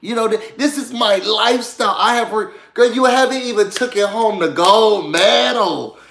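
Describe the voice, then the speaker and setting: A man's voice: high voice, moderate pace, vocal fry, a bit bright, slight background noise. A man recapping a reality show in casual, gossipy chat, talking straight to his viewers. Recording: echoey room.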